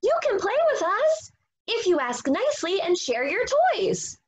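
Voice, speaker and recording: A woman voicing a small, polite male pig in a storybook, talking in a quick, coaxing way. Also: extremely high pitch, big pitch swings, voice pushed up, exaggerated voice.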